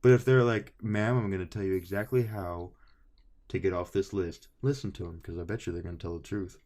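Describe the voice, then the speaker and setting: Profane young man telling animated stories. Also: sits low, fairly quick. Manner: profane, animated storytelling, acting out his own phone calls. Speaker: podcast co-host. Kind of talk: casual podcast chat.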